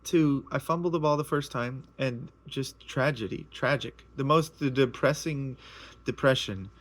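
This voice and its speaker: Rambling, earnest man telling his testimony. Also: mid-range voice. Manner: rambling, repeats himself, restarts often; earnest and emotional. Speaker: speaker sharing a personal testimony. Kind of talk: casual spoken personal testimony.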